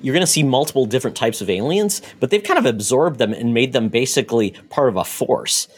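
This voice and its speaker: A man's voice: mid-range voice, animated, quick pace, husky. A man co-hosting a casual podcast chat, explaining things in a knowledgeable, wry way. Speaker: podcast co-host.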